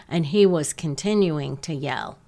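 A woman hosting a podcast, calmly telling a story about one of her patients as a nurse. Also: deep voice. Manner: slow, calm, gentle storytelling.

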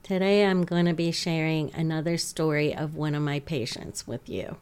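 A woman hosting a podcast, calmly telling a story about one of her patients as a nurse. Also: sits low, clear, resonant tone. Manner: slow, calm, gentle storytelling.

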